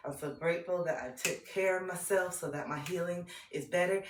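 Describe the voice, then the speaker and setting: In her thirties, a woman livestreams with a low-pitched voice, casually reflecting on healing and gratitude in a spiritual way. She breaks into laughter and excited chanting, and the recording has background noise and a roomy echo.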